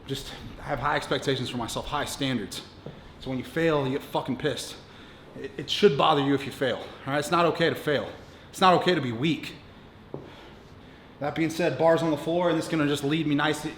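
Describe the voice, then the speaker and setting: Brief: profane male strength coach in his thirties, slightly high voice, echoey gym room with faint hum. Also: fairly even intonation, fairly quick, a bit bright. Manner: blunt, profane, coaching instructions between lifts. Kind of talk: gym workout vlog talk. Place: gym, indoors.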